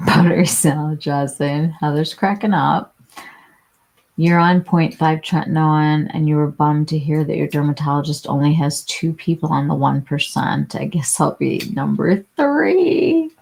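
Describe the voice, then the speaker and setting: A woman in her forties hosts a casual beauty livestream, talking slowly through viewer questions. Her voice sits low with a gravelly fry, and she chats along with plenty of fillers and restarts. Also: a little mellow. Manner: chatty, many fillers and restarts, answers viewers by name. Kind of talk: casual live chat reading viewer comments.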